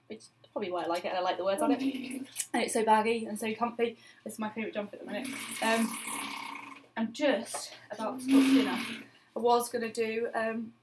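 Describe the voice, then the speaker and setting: A woman's voice: a little high, fairly bright tone, a little hiss or hum, poor audio. A woman, a parent chatting candidly and rambling in a casual home vlog, recorded indoors on a handheld camera. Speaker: parent vlogger.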